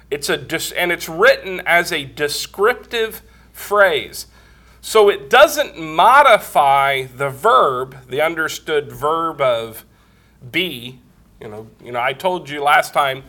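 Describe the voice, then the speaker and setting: Preaching a Bible-teaching sermon, a man walks through grammar one step at a time. His fairly high voice sounds pushed and bright, and he's congested and coughing with a cold.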